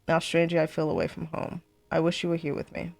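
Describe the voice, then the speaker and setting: A woman streamer playing a story game, reading letters aloud in a steady voice and breaking into chatty, excitable remarks. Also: sits low, fast, vocal fry, faint music behind. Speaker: let's play streamer.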